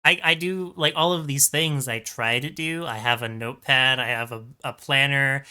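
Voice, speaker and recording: Bright, crisp-voiced self-deprecating co-host man. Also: medium pitch, moderate pace. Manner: self-deprecating, laughs often. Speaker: podcast co-host. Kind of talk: casual chat.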